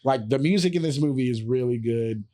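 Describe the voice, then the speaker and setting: A man's voice: mid-range voice, brisk, warm tone. A man co-hosting a podcast in casual comedic chat, loose and profane, laughing often as he tells stories. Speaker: podcast co-host.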